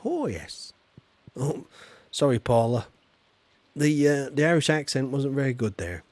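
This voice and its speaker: A man's voice: mid-range voice, sing-song, unhurried, pauses often, a little mellow. Chatty Yorkshire man streaming. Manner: chatty, self-deprecating, reads chat aloud. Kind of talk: casual livestream commentary.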